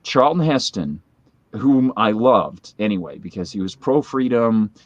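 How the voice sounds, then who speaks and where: A man in his forties, a guest in a casual conversation, tells a long, rambling story packed with fillers and side comments. His fairly low voice is very animated but unhurried, and the recording is muffled, with no room sound.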